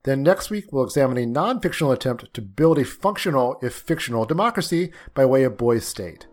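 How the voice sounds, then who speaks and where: A man hosting a film podcast over a video call, reading scripted intros with a wry, lively delivery. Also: mid-range voice, a little fast. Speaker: podcast host.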